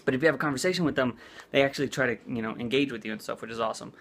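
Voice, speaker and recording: A man's voice: medium pitch, rapid-fire, creaky, a bit bright. A man vlogging in a casual chat, rambling with lots of "like" and "uh". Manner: rambling, full of "like" and "uh".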